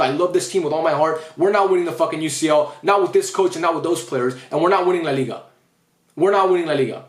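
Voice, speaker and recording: A man with a high voice rushes through an angry post-match rant, upset and swearing freely. The room around him is echoey. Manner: angry, frustrated, swearing often. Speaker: football fan vlogger.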